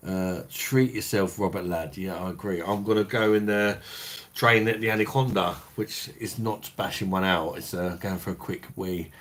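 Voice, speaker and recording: A man's voice: low voice, steady tone, moderate pace, fairly bright tone. A middle-aged man with a Cockney and Kentish accent, casually chatting on a livestream and reading out viewer comments in a matey, sweary way. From South East England, London. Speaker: beer review livestream host.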